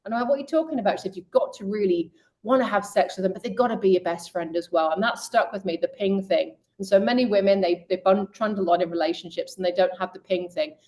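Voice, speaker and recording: Middle-aged woman, guest coach, animated storyteller, voices quotes higher, speaks directly to women. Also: fast talker. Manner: lively storyteller who voices quoted people with raised pitch; direct, addresses women listeners. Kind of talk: conversational storytelling interview.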